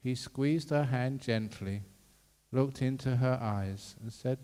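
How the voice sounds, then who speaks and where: Jovial monk giving a talk. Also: male voice, medium pitch, slow, dark tone, clear, resonant tone, big-room sound. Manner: jovial, laughing storyteller. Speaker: Buddhist monk. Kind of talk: dharma talk.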